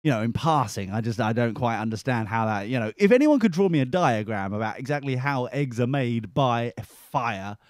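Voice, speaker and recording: A man's voice: medium pitch, expressive, normal speed, few pauses, no room sound, studio quality. A man hosting a podcast, giving sarcastic, exasperated commentary over a news clip. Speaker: podcast host.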